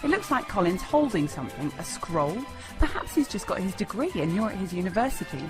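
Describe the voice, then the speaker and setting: A woman's voice: mid-range voice, fairly quick, over music. A woman giving a playful, scripted lesson on improv comedy. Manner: playful, lively, jumps into character voices. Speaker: improv teacher. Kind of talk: scripted instructional narration.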